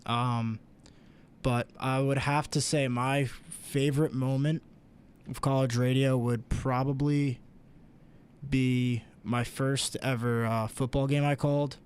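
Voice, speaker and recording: Flat-voiced young college sports director. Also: male voice, medium pitch, smooth. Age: young adult. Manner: even, measured, hesitant fillers. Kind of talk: casual radio chat. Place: college radio studio.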